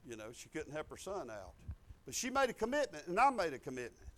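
A man, preaching a sermon in a folksy storytelling way that swings from low asides to loud emphatic lines. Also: wildly swooping pitch, fast, slight background noise. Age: 50s. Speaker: pastor.

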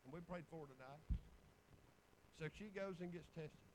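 A man's voice: fairly high pitch, moderate pace, a little hiss or hum, rough recording. A man, preaching in a folksy storytelling way with bursts of exclamation. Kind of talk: sermon testimony.

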